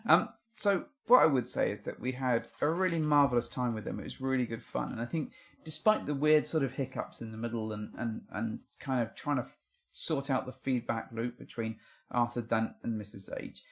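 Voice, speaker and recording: A man's voice: medium pitch, moderate pace, gravelly, fairly bright tone. Earnest, rambling man podcast co-host. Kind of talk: casual chat. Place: home room. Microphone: podcast microphone.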